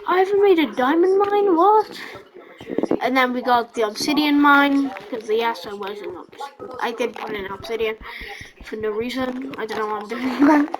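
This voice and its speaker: A woman giving casual, rambling gameplay commentary, excitable and giggly with many fillers. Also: a little high, moderate pace, background noise. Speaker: gameplay vlogger.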